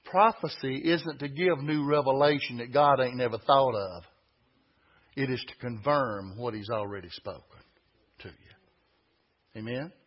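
A man preaching a sermon, folksy and emphatic, building to loud peaks. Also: mid-range voice, a little slow, pauses often, lo-fi sound.

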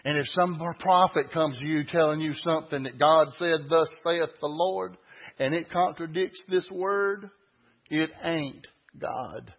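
A man preaching a sermon, folksy and emphatic, building to loud peaks. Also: a little high, measured pace, dull audio.

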